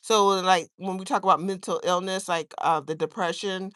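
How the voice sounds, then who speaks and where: A woman's voice: fairly low pitch, steady tone, normal speed, a bit bright, dry recording, studio quality. A woman chatting casually on a livestream, rambling and earnest as she talks to viewers from her garden outdoors. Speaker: livestream host.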